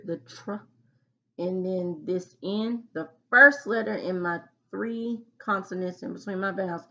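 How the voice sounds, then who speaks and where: Woman teacher, unhurried dictation, muffled lo-fi recording. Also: on the low side, fairly bright tone. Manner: slow, patient dictation with example sentences. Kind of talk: recorded phonics lesson.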